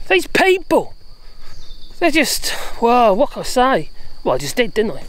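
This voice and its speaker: Walking her dogs outdoors, a woman vlogs a political rant in an exasperated, sarcastic, chatty tone. Her fairly high voice swoops wildly in pitch, though her pace stays measured.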